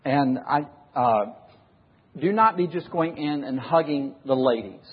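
A man's voice: mid-range voice, lively intonation, measured pace, slightly rough. A man preaching a sermon to a congregation, questioning the listeners and acting out examples. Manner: questions the audience and acts out examples. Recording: dull recording with long hall reverb.

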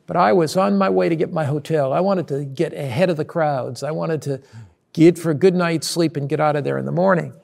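A man's voice: fairly high pitch, fairly quick, vocal fry, a little mellow. A man, a pastor giving an earnest sermon-style lesson preview and retelling a personal story. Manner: repeats words when restarting.

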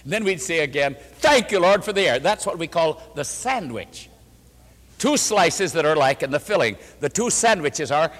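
An older male pastor preaches with a lively, swooping voice, acting out the people in his story. His words ring out in a large hall with a long echo. The pitch sits a little high for a man. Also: fairly quick. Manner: emphatic, repeats phrases for rhythm, acts out quoted speech. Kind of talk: sermon with storytelling. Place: church or meeting hall before an audience.

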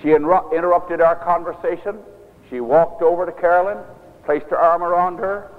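A minister telling a story in a sermon, earnest and measured, often quoting scripture. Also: male voice, a little high, fairly even intonation. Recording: tinny lo-fi recording in an echoey hall.

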